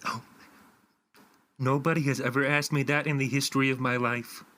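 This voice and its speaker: A man's voice: medium pitch, level tone, moderate pace, pushed and bright, voice pushed up, close to an everyday voice. A man voicing a sleepy, put-upon outlaw who grumbles when woken, in a tabletop game. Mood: grumbling.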